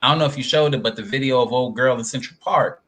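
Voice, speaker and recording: A man co-hosting a casual podcast chat, animated and profane, laughing often and acting out quotes. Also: medium pitch, fast. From New York. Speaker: podcast co-host.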